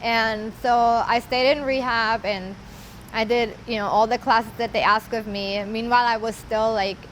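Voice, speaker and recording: Woman, personal testimony, earnest, halting, casual fillers, fairly high pitch. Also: fairly even intonation, a little hiss or hum, low-quality recording. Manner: earnest, halting, with many "like" and "you know" fillers. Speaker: interviewee sharing her story.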